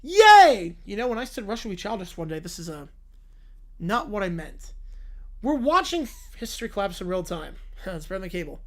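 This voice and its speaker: Sarcastic woman streamer, lively pitch. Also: a little fast. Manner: sarcastic, joking asides, frequent laughter. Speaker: livestream host. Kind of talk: casual live reaction commentary.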